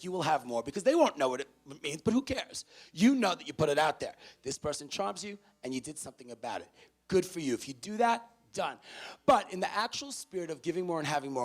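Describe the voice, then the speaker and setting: Gravelly New man, animated speaker. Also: mid-range voice. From the Bronx, New York. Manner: animated, swings from hushed to loud. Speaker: motivational speaker. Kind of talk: live motivational talk to students. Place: university auditorium.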